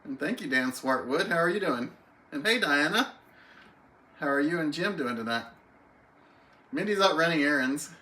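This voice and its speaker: Man, livestream host, casual chat, bright forceful tone, slightly high voice, faint background hiss. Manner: friendly, reads chat names aloud, chatty. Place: home, alone on a live stream.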